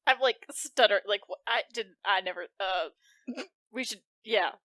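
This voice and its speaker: A woman's voice: medium pitch, unhurried, fairly bright tone, no echo. A woman player in a tabletop game, talking casually and stumbling over her words.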